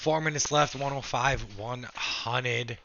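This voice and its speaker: A man's voice: medium pitch, takes it slowly, pushed and bright, slight background noise. A young man livestreaming a basketball game, calling the score and answering his chat, frustrated and casual. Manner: frustrated play-by-play, talks to chat. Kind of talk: casual live game reaction, reading chat. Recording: dull lo-fi stream audio.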